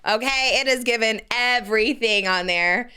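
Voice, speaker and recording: An American woman in her thirties hosting a podcast, chatting casually in a gushing, excitable, self-mocking way. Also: a little high, moderate pace. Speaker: podcast host. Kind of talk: casual chat.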